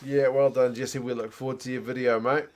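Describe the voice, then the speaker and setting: A man's voice: mid-range voice, flat delivery, fairly quick, a little hiss or hum. A man hosting a casual live watch-along, chatting and reacting aloud to a rugby match. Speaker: host.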